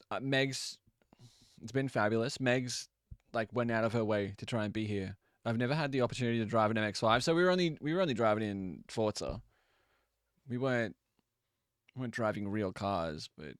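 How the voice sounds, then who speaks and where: Aussie guy streaming, chatty and relaxed, mid voice, close dry mic. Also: medium pitch, clean tone, no room sound. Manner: chatty, easygoing, quick apologies and asides. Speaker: livestream host. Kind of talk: casual stream chat with viewers.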